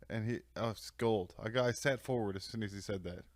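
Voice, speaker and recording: A man's voice: on the low side, a little fast, a little mellow, no echo, clean studio sound. A man co-hosting a podcast, bantering and cracking jokes in casual chat. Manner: joking, throws in silly voices and asides. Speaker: podcast co-host.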